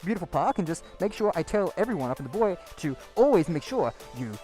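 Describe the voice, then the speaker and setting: A man's voice: high-pitched, big pitch swings, fast, warm tone, faint music behind. A young man vlogging about motorcycle riding, goofy and playful, reading viewer comments and repeating silly catchphrases. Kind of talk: casual vlog narration.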